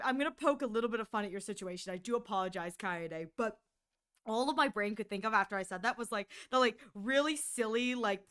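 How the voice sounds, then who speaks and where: A woman's voice: on the high side, clear, resonant tone. A woman streamer chatting casually and gossiping with her viewers during an art stream, laughing often. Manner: giggly, gossipy, animated.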